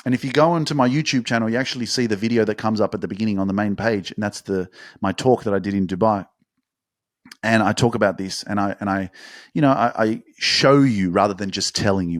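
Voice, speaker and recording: A man giving a motivational monologue in an animated, casual way, acting out excited quotes and swearing now and then. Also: medium pitch, dry recording, studio quality. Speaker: motivational speaker.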